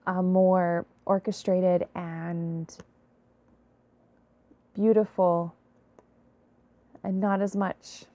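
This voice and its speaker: A tired woman giving a late-night intuitive reading to her viewers, soft-spoken and apologetic. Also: on the low side, little pitch movement, extremely slow, pauses often, dry recording. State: tired, yawning. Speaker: intuitive reader.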